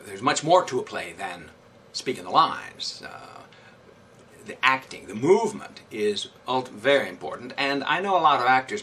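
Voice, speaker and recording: Bright-voiced man, a little off-mic. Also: medium pitch, recorded from a distance, slight background noise. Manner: thoughtful, with frequent fillers and restarts. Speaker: community theatre director. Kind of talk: interview answers.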